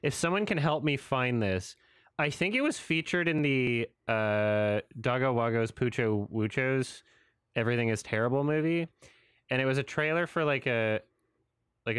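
A man's voice: mid-range voice, a bit bright, clean tone, no room sound, clean studio sound. A man in his thirties doing casual, sarcastic reaction commentary on a trailer, laughing and swearing as he goes.

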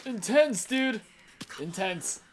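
A gamer narrating a first-look playthrough, excitable and jokey, yelping and swearing at every scare. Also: medium pitch, slow. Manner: jokey running banter with the viewer. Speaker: gameplay commentator. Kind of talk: let's-play commentary. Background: game music.

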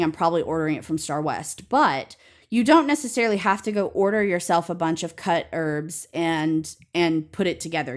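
A middle-aged woman with a Southern Alabama accent, an herbalist guest explaining things in a relaxed, chatty way. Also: fairly low pitch. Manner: relaxed, chatty, laughs easily, says y'all. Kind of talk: conversational explanation.

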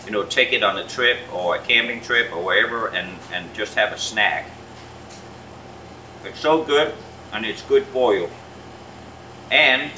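A man who is a restaurant chef, talking casually to camera about a snack, with many pauses. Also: on the low side, bright, forceful tone, echoey room, distant mic, a little hiss or hum, rough recording. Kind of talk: casual food promo to camera.

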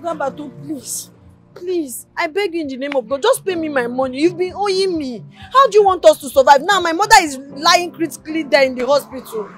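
A woman's voice: high voice, fairly quick, soft background music, natural voice. An actress with a Nigerian accent playing a desperate young shop worker begging her boss. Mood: pleading. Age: young adult. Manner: pleading, begging.

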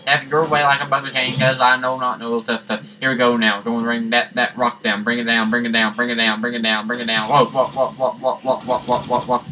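A man giving rambling, jokey let's-play commentary that breaks into sudden excited yelps. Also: mid-range voice, brisk, hardly any pauses, a little hiss or hum, rough recording. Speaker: gaming channel host. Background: game music.

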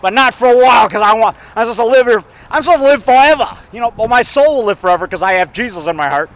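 A man talking in a rambling, folksy, excitable way, mixing songs with preaching, outdoors by a road. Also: very high-pitched, fast. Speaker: vlogger.

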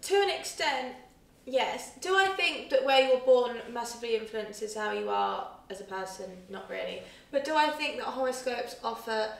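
A woman's voice: on the high side, creaky. A young woman in a casual chat, earnestly explaining her views at length. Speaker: guest. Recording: roomy echo, distant mic.

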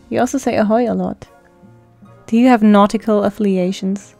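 A woman's voice: medium pitch, steady tone, normal speed, gravelly, dark tone. A woman streaming a story game, chatting with her chat and reading the game's dialogue aloud in a casual, playful way. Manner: chatty, reads card text aloud, laughs often. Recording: faint music behind.

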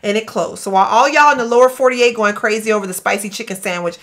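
A woman's voice: mid-range voice, quick pace. A young woman from Louisiana, chatting casually to her viewers while she plays a game. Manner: chatty, animated, talks to chat as "y'all". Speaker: gaming streamer. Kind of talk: casual live gameplay commentary.

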